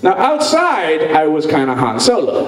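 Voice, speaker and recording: A man telling a bawdy story to a live audience, in an animated and goofy manner, breaking into sung nonsense sounds. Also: on the high side, moderate pace, noisy background. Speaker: sex educator telling a story on stage. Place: stage before a live audience. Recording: echoey hall, mic far off, crowd laughing.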